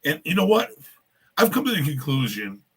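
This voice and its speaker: A man's voice: on the high side, big pitch swings, normal speed, husky. A man hosting a casual live rant show, rambling loosely and boastfully while drinking. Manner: rambling, loose and boastful, keeps repeating a catchphrase.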